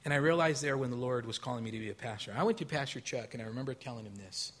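Husky man preaching a sermon, animated. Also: racing. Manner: animated preaching that swings from loud high bursts to quiet low intensity; storytelling with acted quotes and a casual, folksy delivery. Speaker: pastor.

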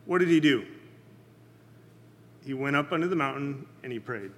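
A man leading a Bible study in a casual, conversational sermon, often checking in with his listeners and pausing with fillers. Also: medium pitch, lively intonation, fairly bright tone, big-room sound. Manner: halting, many fillers and restarts.

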